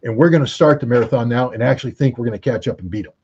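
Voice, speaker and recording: American man, mellow dark voice, emphatic commentary, rhetorical questions, muffled lo-fi audio. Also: mid-range voice, racing, breathy edge. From United States. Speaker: guest commentator. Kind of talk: opinionated interview commentary.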